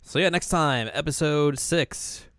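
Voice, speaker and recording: A young man talks loosely on a podcast, clear and smooth in tone. His voice is close and dry on the mic, and he slips into goofy voices for characters' lines. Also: a little high, measured pace, fairly bright tone, no room sound. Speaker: podcast co-host. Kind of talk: casual chat.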